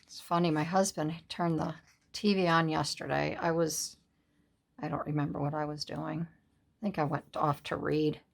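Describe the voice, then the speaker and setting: A woman's voice: low-pitched, level tone, normal speed, vocal fry. A woman hosting a collage craft video, chatting casually and telling stories while she works. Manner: chatty, storytelling, laughs easily.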